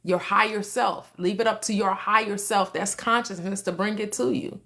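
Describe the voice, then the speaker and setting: A woman's voice: medium pitch, fairly even intonation, normal speed, gravelly, sharp tone. A woman hosting a livestream on manifestation, teaching casually and answering questions from chat. She laughs often, repeats words and restarts her sentences.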